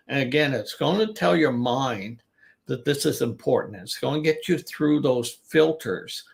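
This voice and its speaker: A man's voice: medium pitch, vocal fry. An older man coaching business English in a chatty talk, restarting sentences and repeating words to show their stress. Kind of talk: informal online teaching talk.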